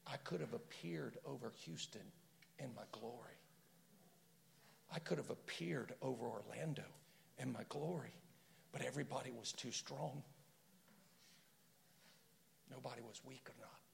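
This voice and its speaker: A male preacher voicing Jesus as a hushed, sorrowful man pleading softly. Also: medium pitch, measured pace, vocal fry, long pauses, a little hiss or hum, pitched below the performer's own voice.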